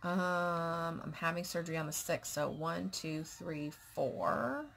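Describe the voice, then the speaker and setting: A woman talking in a casual personal vlog, nervous and candid, halting with restarts and pauses, sometimes dropping into a soft whisper. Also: on the low side, gravelly, slight background noise. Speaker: vlogger.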